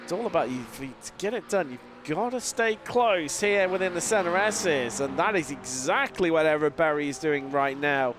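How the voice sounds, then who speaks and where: Male race caller with a cold, raised pitch, quick play-by-play over loud engine roar. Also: background noise. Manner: lively play-by-play, fillers, restarts mid-sentence. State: has a lingering cold. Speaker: sim racing commentator. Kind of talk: live race commentary. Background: racing car engine sounds.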